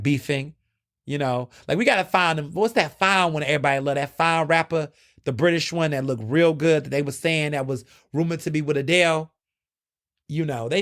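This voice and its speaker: A young man with a fairly high voice talks through his own podcast in a loose, chatty solo style. He turns dramatic and jumps up in pitch when he gets excited. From United States. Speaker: podcast host. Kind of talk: casual solo commentary.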